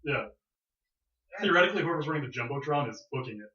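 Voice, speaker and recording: A man narrating a tabletop role-playing game as game master, laying out scenes in a quick, plain-spoken way. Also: medium pitch, animated, pushed and bright, a little hiss or hum. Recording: echoey room, dull lo-fi sound.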